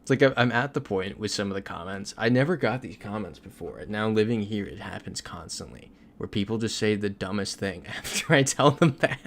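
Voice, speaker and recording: A young man from Florida on a gaming livestream talks in a low, gravelly voice and laughs as he reads out comments. Faint noise and keyboard typing sit behind him. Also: expressive, a little fast, few pauses. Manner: chatty, reads viewer comments aloud, laughs often. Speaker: streamer. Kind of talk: casual livestream chat while gaming.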